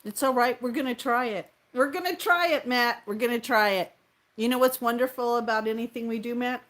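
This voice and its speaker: A woman talks casually to her live chat from her room at home. She is playful and teasing and laughs a lot, and her voice sits slightly on the high side. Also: flat delivery, brisk, fairly bright tone. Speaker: live streamer. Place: home room with window open.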